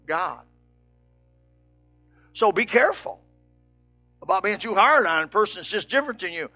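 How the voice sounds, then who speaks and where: An older man preaching a sermon, swinging from shouts to soft, low asides. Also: animated, moderate pace, faint music behind.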